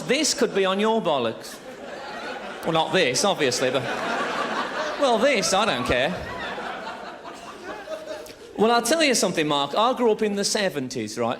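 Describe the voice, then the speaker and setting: Man, stand-up comic, lively swooping voice, slightly high, crude and teasing, theatre stage mic. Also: noisy background. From England. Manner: chatty, crude, teasing the audience, laughing at his own jokes. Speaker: stand-up comedian. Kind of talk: live stand-up routine.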